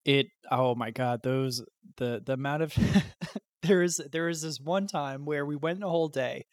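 A young man chatting casually about his tabletop game character and telling animated, casually profane stories. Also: on the high side, a little slow, dry recording, clean studio sound. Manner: animated storyteller, swears casually. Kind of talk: casual podcast chat.

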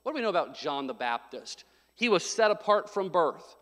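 A male pastor preaching a sermon, telling a story with loud bursts and sudden drops to quiet. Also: high-pitched, very animated, moderate pace. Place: church sanctuary. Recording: long hall reverb.

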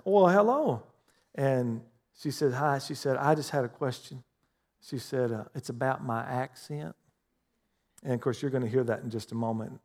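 A man, a pastor preaching a sermon in a church, swinging from emphatic bursts to easy, chatty storytelling. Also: on the high side. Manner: preaches with rising, emphatic bursts, then chats easily. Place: church hall with a congregation.

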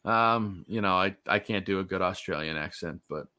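A man's voice: deep voice, steady tone, fairly quick, hardly any pauses, sharp tone. A man in his thirties casually hosting a sports podcast, easygoing and rambling with lots of fillers. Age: 30s. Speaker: podcast host.

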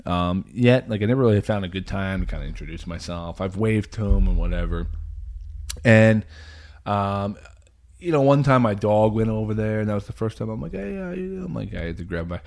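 A man in casual chat, telling a story with lots of laughter and quick shifts. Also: lowish voice, a little mellow.

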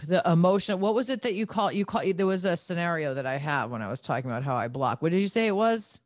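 A woman's voice: lowish voice, expressive, fast talker. A young woman hosting a podcast, chatting candidly and laughing easily with her guest. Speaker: podcast host. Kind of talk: casual podcast interview.

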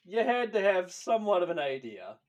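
A man co-hosting a podcast, retelling lore in casual, profane, animated chat and laughing often. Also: high voice, fairly quick. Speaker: podcast co-host.

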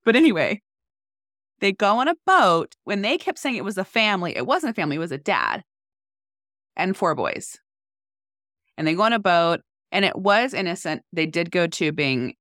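A woman's voice: on the low side, very animated, moderate pace, fairly bright tone, no echo, clean studio sound. A woman in her forties, a podcast co-host, telling a story in casual chat with animation and acting out what people said.

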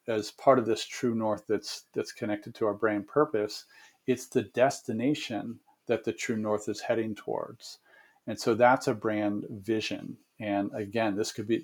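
Measured man explaining at length. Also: on the low side, a little mellow. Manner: measured, explanatory, with frequent fillers and restarts. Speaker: brand consultant guest. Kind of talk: podcast interview answer.

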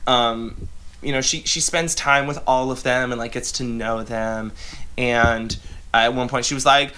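A man's voice: mid-range voice, steady tone, unhurried, sharp tone, smooth. A man co-hosting a comedy podcast in casual chat, rambling and profane, with lots of fillers. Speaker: podcast co-host.

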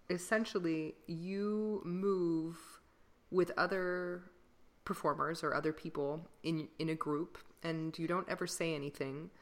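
A woman who sings classical music, co-hosting a podcast in casual chat, rambling with fillers and laughing often. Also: sits low. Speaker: podcast co-host, classical singer.

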